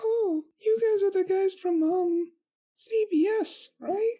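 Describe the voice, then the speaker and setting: A woman voicing a prim, exasperated young female pony princess in a comedic fanfiction reading, with a shrill, clipped delivery. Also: slow. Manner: shrill, clipped, deadpan retorts. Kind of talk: comedic fanfiction read-aloud.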